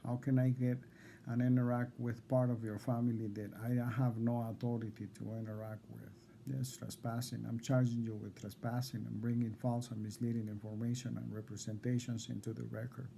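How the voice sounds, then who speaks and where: A man reading out insistent legal demands to a court evaluator, repeating himself and halting on fillers. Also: medium pitch, level tone, vocal fry, warm tone, slight background noise. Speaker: defendant addressing a court evaluator. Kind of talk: confrontational legal declaration.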